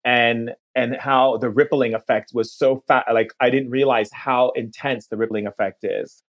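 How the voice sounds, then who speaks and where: A man guesting on a podcast relates something from his own life, earnest and in no rush, regularly lingering over words. He speaks at a medium pitch with a steady tone.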